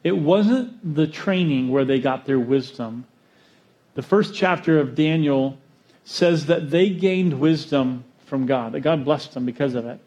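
A man preaching a sermon, storytelling with jokes and acting out quotes in an animated way. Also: a little high, a little slow, muffled recording. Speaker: pastor.

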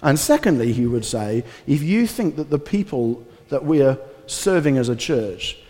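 A male pastor giving a conversational, animated sermon with casual asides. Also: mid-range voice, normal speed. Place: church hall. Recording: reverberant church hall.

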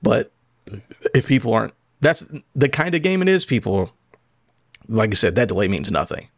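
A man's voice: mid-range voice, very animated, moderate pace, no echo, studio quality. A man co-hosting a podcast, rambling casually and acting out quotes. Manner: rambling, acts out quotes, says "like" often. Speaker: podcast co-host. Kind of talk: casual chat.

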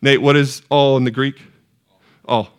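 Passionate preacher man, hushed to soaring. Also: medium pitch, steady tone, unhurried, clear, resonant tone. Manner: asks the congregation questions. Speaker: pastor. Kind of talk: sermon. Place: church sanctuary.

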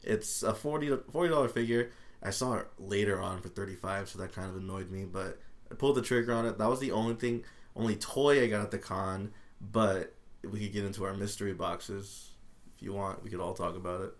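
A man with a fairly low voice co-hosts a laid-back podcast. He speaks matter-of-factly and pauses on uh and um now and then. His tone stays casual and unhurried. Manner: relaxed, matter-of-fact, with hesitant fillers. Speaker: podcast co-host. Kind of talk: casual chat.

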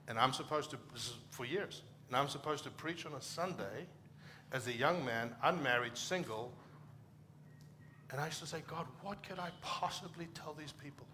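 A man's voice: medium pitch, bright, forceful tone, slight background noise. A middle-aged man from Africa, a pastor preaching a conversational sermon and acting out short quoted exchanges.

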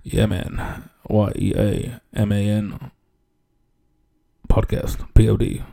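A middle-aged male comedy podcast host with a gravelly, fry-heavy voice, chatting loosely. He swears freely, leans on slang and breaks into laughs often. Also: on the low side, flat delivery, slow, warm tone. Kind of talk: casual rambling chat.

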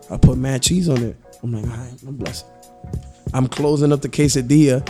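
A man telling funny work stories in a loose, casual chat. He is animated, laughs often, and slips into his customers' voices to act them out. Faint music plays under his voice. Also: mid-range voice, brisk.

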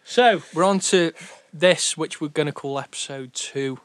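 A man's voice: fairly high pitch, measured pace, smooth, no room sound. A young man from Stoke with a Stoke-on-Trent accent, co-hosting a podcast about running a record label in a rambling, chatty way. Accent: Stoke-on-Trent English. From England. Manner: rambling, chatty, self-deprecating. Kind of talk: casual podcast chat.

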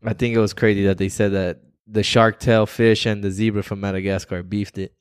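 Male co-host with a lowish voice, slangy and loose, dry close sound. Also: fairly quick, smooth, no room sound. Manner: relaxed, slangy, profane. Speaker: podcast co-host. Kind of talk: casual podcast chat.

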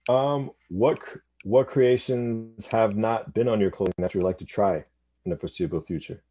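Radio host guy, low mellow husky voice, kinda dull lo-fi sound, laid back. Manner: relaxed, affirming with quick okays. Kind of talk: casual radio interview. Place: radio studio.

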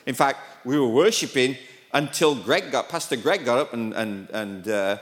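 A man's voice: mid-range voice, animated, moderate pace. British man, guest preacher, self-deprecating humour, long hall reverb. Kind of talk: sermon. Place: church sanctuary.

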